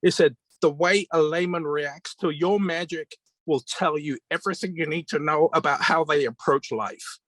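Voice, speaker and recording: A British magician tells stories in an interview, earnest and reflective, replaying his mentors' advice as quoted dialogue. His voice is on the high side and fairly bright, at a moderate pace, with no room sound.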